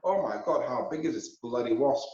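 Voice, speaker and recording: A man co-hosting a casual chat, telling a story with lively energy and casual swearing. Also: mid-range voice, normal speed. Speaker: co-host. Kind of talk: casual pub-style chat. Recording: echoey, dull lo-fi audio.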